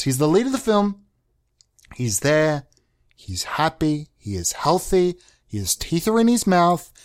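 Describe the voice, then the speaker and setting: A man's voice: on the high side, sing-song, moderate pace. A man hosting a comedy show, rambling in a mock-pompous way and swearing now and then.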